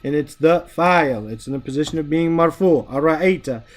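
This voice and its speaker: A man's voice: fairly high pitch, normal speed. A man teaching an Arabic grammar lesson, explaining patiently and often checking in with his students by asking whether they follow.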